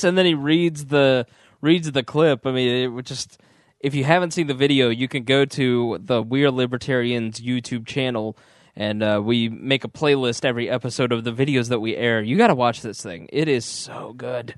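A man co-hosting a casual podcast, teasing his co-hosts and retelling clips with animated jokes. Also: mid-range voice, moderate pace, no echo, clean studio sound. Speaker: podcast co-host.

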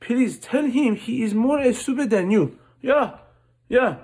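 A man's voice: extremely high pitch, lively intonation, slow pace, darkish tone, husky, full character voice. A comedian doing an exaggerated Persian-accented immigrant man, ranting in broken English with blunt insults. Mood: exasperated ranting. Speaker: amateur comedian. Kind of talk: comic rant to camera.

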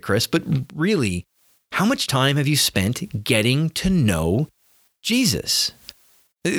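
A man's voice: mid-range voice, fairly bright tone, no echo, studio quality. A middle-aged man giving an earnest sermon-style teaching, often repeating words as he starts phrases. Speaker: teacher of faith.

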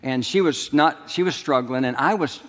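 A man's voice: mid-range voice, normal speed. Man preaching in a reverberant hall. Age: middle-aged. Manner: storytelling, asks the congregation to respond. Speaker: pastor. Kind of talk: sermon. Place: large church sanctuary.

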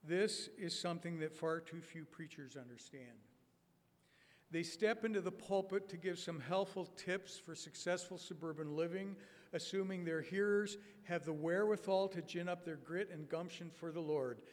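Man in his 60s giving a talk, kinda high voice, wry and measured, big reverby hall. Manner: measured, wry, with deliberate pauses. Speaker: conference speaker. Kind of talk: prepared talk with sermon-like storytelling. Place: conference hall. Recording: long reverb of a conference hall.

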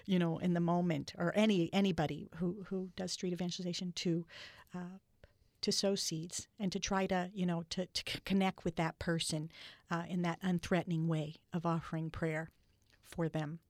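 An older woman telling stories in an interview, earnest and halting with many restarts. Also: on the low side, level tone, a little mellow, no echo, studio quality. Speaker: guest. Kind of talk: storytelling in a podcast interview.

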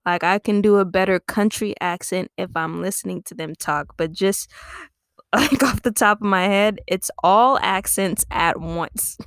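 Slow, rambling woman comedian. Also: medium pitch, clear, resonant tone, no room sound, clean studio sound. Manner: rambling, giggly, self-amused. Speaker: comedian podcast host. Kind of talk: improvised comic storytelling.

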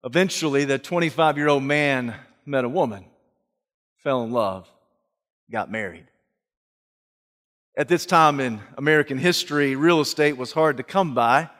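A male preacher telling a story in a sermon, swinging from hushed, slow lines to loud shouting. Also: fairly high pitch, lively intonation, big-room sound.

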